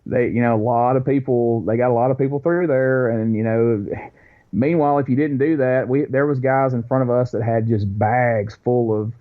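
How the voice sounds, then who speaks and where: Male podcast co-host, animated storyteller, average pitch, dull audio. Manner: animated storyteller, quick bursts, acts out quotes. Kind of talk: casual storytelling chat.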